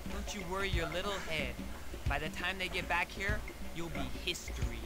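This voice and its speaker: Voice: mid-range voice, normal speed, close to an everyday voice. A game voice actor playing a cocky young street-tough boy with a New York accent, taunting his foes. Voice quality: brash, taunting.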